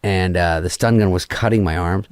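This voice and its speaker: A man as a podcast guest, telling a long story in a casual, deadpan way, full of swearing and acted-out dialogue. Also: low voice, normal speed, smooth, dry recording. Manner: profane, deadpan anecdote acting out quoted dialogue. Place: podcast studio. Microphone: studio microphone.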